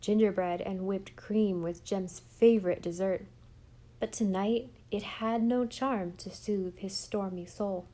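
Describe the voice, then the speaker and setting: A woman narrating a storybook audiobook in a measured, even way. Her voice is mellow and dark, with an average pitch for a woman.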